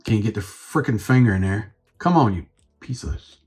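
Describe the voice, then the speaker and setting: A man's voice: lowish voice, expressive, normal speed, a little mellow, breathy edge. A man reviewing a toy on his own channel, rambling and thinking aloud as he fiddles with the figure. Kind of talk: casual unscripted review.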